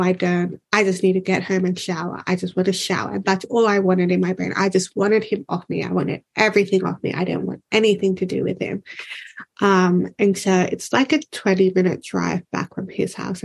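A woman's voice: medium pitch, creaky. A woman speaking as a podcast guest, telling a personal story in candid conversation and quoting herself and others with "like".

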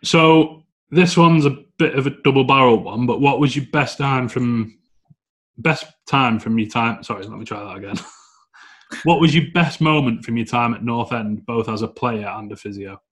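A man interviewing a guest in a casual, relaxed way, mostly giving brief agreement. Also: medium pitch, normal speed. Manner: brief backchannel, relaxed questions. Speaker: podcast interviewer.

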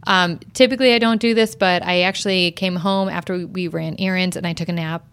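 A woman in her thirties co-hosting a podcast, telling a story in casual chat and acting out quoted lines in a higher voice. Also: steady tone, fairly quick, fairly bright tone, clean tone, no room sound. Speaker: podcast co-host.

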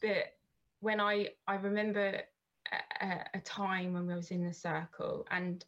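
A woman's voice: medium pitch, level tone, a little slow, a bit bright, dull audio. A woman, chatting casually as a podcast guest, rambling with many restarts and fillers. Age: 30s.

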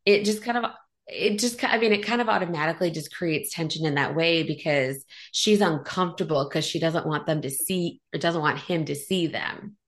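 A woman guesting on a podcast speaks in a slightly low voice. She chats casually, pauses and restarts her sentences, and leans on "like" as she thinks aloud. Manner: hesitant, restarts and fills with "like".

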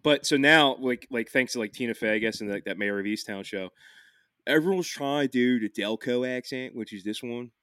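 A man, hosting a casual podcast. He talks in a loose, rambling way, swearing often and restarting his sentences. His voice sits at a middle pitch and sounds dry and close. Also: fairly quick, a bit bright, clean tone, dry recording. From Philadelphia, USA. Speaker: podcast host.

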